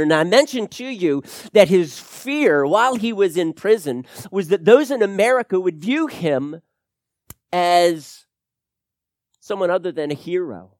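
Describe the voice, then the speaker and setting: Male pastor preaching a sermon; lively, emphatic delivery, dry close-miked sound. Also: on the high side, no echo. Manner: swings from hushed to loud, emphatic preaching.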